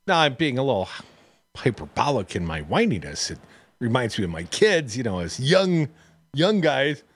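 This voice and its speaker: A man's voice: mid-range voice, sing-song, normal speed, breathy edge, dry recording. A man co-hosting a radio talk show, joking and mocking in casual political chat from a studio. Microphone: studio microphone.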